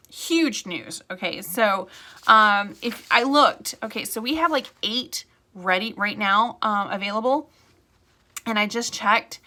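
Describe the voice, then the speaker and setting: Woman, real estate agent, casual vlog chat, bright voice, rambling asides. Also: mid-range voice. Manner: chatty and rambling, with frequent asides. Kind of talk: casual talking-to-camera vlog.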